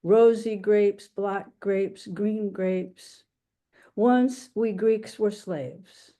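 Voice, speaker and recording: A woman poet reading her own poem aloud at a poetry reading, halting in the introduction and lilting in the recitation. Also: mid-range voice, mellow.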